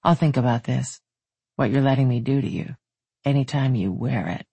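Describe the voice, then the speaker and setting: A narrator voicing a strong, tender, confident man who talks in a low rumbling murmur, read in a dry, husky voice. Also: normal speed, warm tone, no echo.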